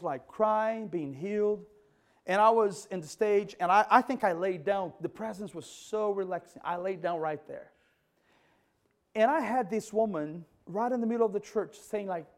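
Male preacher with a high voice, animated story-led sermon with frequent restarts. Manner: animated storyteller acting out dialogue; halting, restarts mid-sentence. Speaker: pastor.

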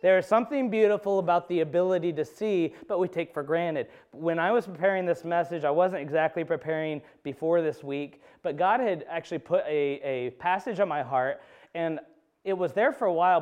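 A male pastor preaches a conversational sermon in a church. His voice is clear and smooth, sitting a little high. He tells personal stories with self-deprecating humor. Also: darkish tone, muffled recording. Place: church sanctuary.

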